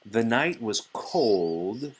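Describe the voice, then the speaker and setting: A man reading a children's book aloud to a child, gentle and encouraging, pausing for the child to fill in words. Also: on the low side, very animated, husky, low-quality recording. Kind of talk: bedtime read-aloud.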